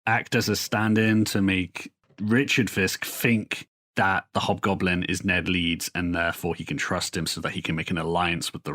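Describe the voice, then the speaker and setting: A man's voice: low voice, fairly bright tone. A man co-hosting a podcast, recapping comic book plots in a rambling, profane, casual way. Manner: rambling, profane storytelling with quick put-on quotes. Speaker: podcast co-host.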